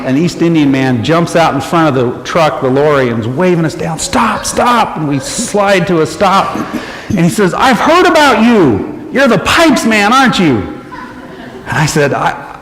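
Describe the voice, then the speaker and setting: A man giving an animated testimony in church, telling a story and acting out the voices of the people in it. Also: fairly high pitch. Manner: acts out quoted people with lively raised voice, laughs often. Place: church sanctuary. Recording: echoey church hall, faint noise.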